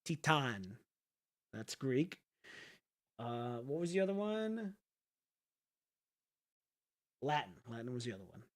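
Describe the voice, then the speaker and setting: A man chatting casually to his viewers, rambling and thinking out loud with the odd swear. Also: mid-range voice, sing-song, slow pace, long pauses. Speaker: streamer.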